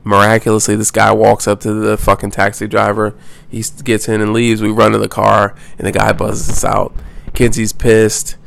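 A young man from the United States tells a travel story in a loose, rambling way, swearing freely and restarting his sentences. His voice sits low and flat, with a gravelly edge. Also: moderate pace. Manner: rambling, profane, full of restarts. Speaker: travel vlogger. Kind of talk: casual storytelling.

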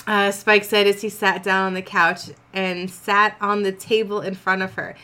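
A woman's voice: mid-range voice, level tone, moderate pace, hardly any pauses, bright, forceful tone, smooth. Blunt woman reading fan fiction aloud. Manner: blunt, swears in asides. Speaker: podcast host reading a story. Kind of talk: casual read-aloud with joking asides.

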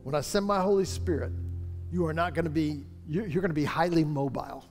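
High-voiced man preaching in reverberant hall. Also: darkish tone, soft background music. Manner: fervent, preacherly, drawn-out emphatic phrases. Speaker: pastor. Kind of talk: sermon. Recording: long reverb of a large hall.

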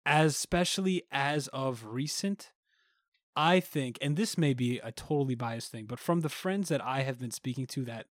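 A man of Caribbean background co-hosting a podcast, telling stories in an animated way and acting out what people said. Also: medium pitch, normal speed, no room sound, studio quality. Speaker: podcast co-host. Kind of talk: casual podcast storytelling.

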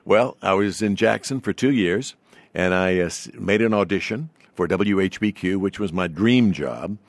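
An older man with a low, smooth broadcaster's voice and a trace of a Southern accent. He tells long anecdotes at an unhurried pace, with a seasoned announcer's polish. The sound is dry and close to the mic. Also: dry recording. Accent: faint Southern US. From Southern United States. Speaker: guest, veteran broadcaster. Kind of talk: storytelling in an interview.

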